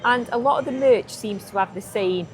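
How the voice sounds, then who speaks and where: A woman with a Stoke-on-Trent accent chats playfully on a casual travel vlog, teasing her partner. She sounds relaxed and conversational, recorded out on city streets. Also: a little high, normal speed, faint music behind. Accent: Stoke-on-Trent English. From England. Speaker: vlogger.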